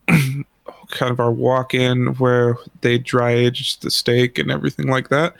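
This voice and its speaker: Slow-talking dude rambling through a story, cussing a lot, dry close sound. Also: male voice, medium pitch, vocal fry, smooth, dry recording. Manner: rambling, profane, laughs through his story. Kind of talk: casual storytelling chat.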